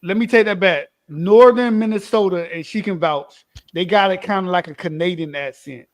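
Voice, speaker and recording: A man with a notably high voice co-hosts a casual podcast. He is blunt and opinionated. He keeps circling back to repeat his points. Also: moderate pace. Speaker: podcast co-host. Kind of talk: casual chat.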